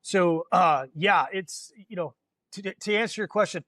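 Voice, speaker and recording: High-voiced man telling war stories. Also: measured pace, sharp tone, no echo. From United States. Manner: rambling, lots of fillers and profanity. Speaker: guest, former Marine. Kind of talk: casual storytelling.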